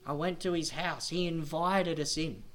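A high-pitched male missionary preacher tells his story dramatically in a sermon, swelling to loud, pressing emphasis and then falling to near-hushed tones. His tone stays steady and his speed is normal.

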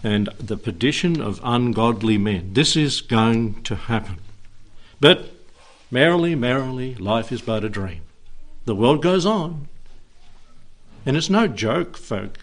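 A man preaching a sermon and leading a prayer in a church, earnest and emphatic, with long pauses. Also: mid-range voice, animated.

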